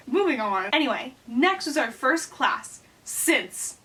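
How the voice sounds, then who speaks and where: A woman's voice: high-pitched, big pitch swings, takes it slowly, pushed and bright. A woman in her twenties reading her own childhood writing aloud and adding sarcastic comments as a YouTuber. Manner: wry, sarcastic.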